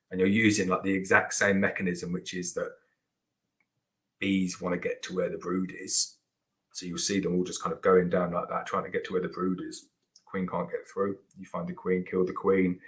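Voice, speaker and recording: A man with a notably low voice talks loosely and conversationally as host of a live viewer Q&A. He rambles, restarts sentences and leans on "like" as a filler. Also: level tone, moderate pace, fairly bright tone, low-quality recording. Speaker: beekeeper host answering viewer questions. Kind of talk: casual live Q&A chat.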